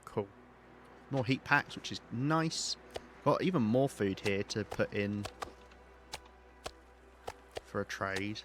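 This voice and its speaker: Guy streaming a game, lowish voice, rambly, talks to himself and chat. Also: animated, slow, pauses often, a little hiss or hum. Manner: chatty, rambling, thinks aloud while playing. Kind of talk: live-streamed let's play commentary.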